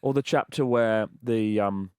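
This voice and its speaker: A man's voice: fairly low pitch, unhurried, clear, resonant tone, no room sound, clean studio sound. A British man in his thirties co-hosting a podcast, telling stories with acted-out voices and plenty of swearing. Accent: British English. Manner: animated storyteller who acts out voices and swears freely. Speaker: podcast co-host. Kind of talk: casual banter.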